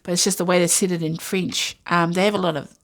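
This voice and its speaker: A woman's voice: on the low side, steady tone, fast talker. A woman giving a casual intuitive tarot reading, musing aloud with many fillers and asides. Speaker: tarot reader.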